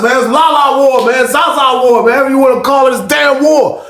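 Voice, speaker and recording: A man telling a story in casual, slangy talk, acting out loud quotes along the way. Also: very high-pitched, a little fast, roomy sound. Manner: animated, slangy, swings into loud acted-out quotes.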